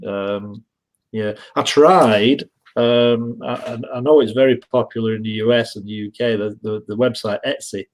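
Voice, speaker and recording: Northern english bloke, guest on a live stream, rambly, keeps restarting his sentences, normal pitch. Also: steady tone, normal speed, rough recording. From England. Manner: rambling anecdotes with frequent restarts. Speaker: guest reseller. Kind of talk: casual live-stream interview chat.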